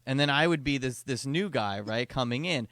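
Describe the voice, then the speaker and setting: A young adult man hosting a podcast, chatting casually and pitching an idea with lots of restarts over a call. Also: expressive, moderate pace, a bit bright, dry recording. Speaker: podcast host. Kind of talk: casual chat.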